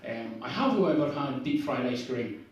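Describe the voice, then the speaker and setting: Self-deprecating Scottish comic in an echoey bar. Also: male voice, mid-range voice, animated, normal speed, highs cut off. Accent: northeast Scottish. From Scotland. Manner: rambling and self-deprecating, with many fillers. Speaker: stand-up comedian. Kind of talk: stand-up comedy set. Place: bar open mic night. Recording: echoey bar heard from a distance.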